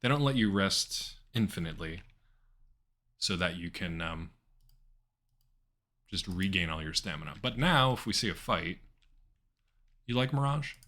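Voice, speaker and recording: A man rambles casually through a live game stream, his voice sitting a little low but bright and forceful. He talks to chat with many ums and restarts. Keyboard clicks tap along in the background. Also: animated, measured pace, long pauses. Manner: rambling, chatty, with frequent fillers. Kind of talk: casual live-stream commentary while gaming.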